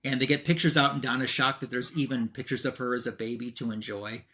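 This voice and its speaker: A man's voice: medium pitch, steady tone, fast talker, sharp tone. A man co-hosting an online show, casually retelling a comic book plot and quoting the characters in an offhand way. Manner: retells scenes with "he's like" quotes. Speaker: co-host.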